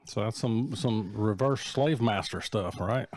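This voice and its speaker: A man's voice: lowish voice, unhurried, darkish tone. A man in his forties co-hosting a casual chat, cracking crude jokes. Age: 40s. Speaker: podcast co-host.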